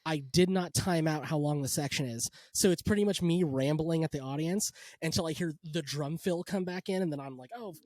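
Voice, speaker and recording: Guest spot: higher-voiced man from California, loose and jokey, dry close audio. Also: a little fast, hardly any pauses, darkish tone, no room sound. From Lodi, California. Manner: rambling, joking, swears, slips into goofy voices. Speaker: guest musician. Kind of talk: casual podcast chat.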